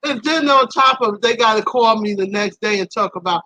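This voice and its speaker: A woman hosting a live stream tells a story to her viewers in a lively, casual way. She laughs often, and her voice jumps up high at the embarrassing parts. Her tone is bright and forceful, and the recording is close and dry. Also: a little fast, no echo, rough recording. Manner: animated, laughing, swoops high when embarrassed.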